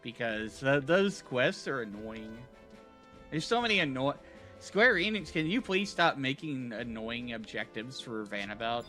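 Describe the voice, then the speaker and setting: A man's voice: medium pitch, a little slow, sharp tone, faint music behind. A man from the southeastern United States with a light Southern accent, chatting casually and grumbling while streaming a game and answering chat.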